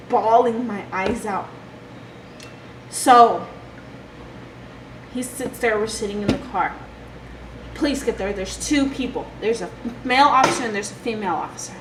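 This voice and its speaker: A young woman telling a personal story from her childhood in a halting, emotional way. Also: high voice. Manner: emotional, halting retelling with restarts. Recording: echoey room with background noise.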